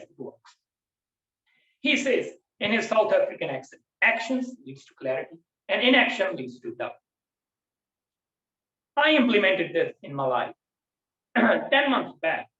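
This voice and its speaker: A man giving a prepared club speech over a video call, emphatic, with dramatic swings between loud and soft. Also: sits high. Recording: distant, echoey, dull lo-fi call audio.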